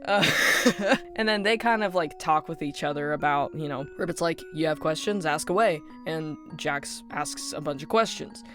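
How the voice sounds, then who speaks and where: A woman's voice: low voice, moderate pace, faint music behind. A woman casually rambling about her ideas for a fan story, full of fillers like "like" and "um". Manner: rambling with many fillers and laughs.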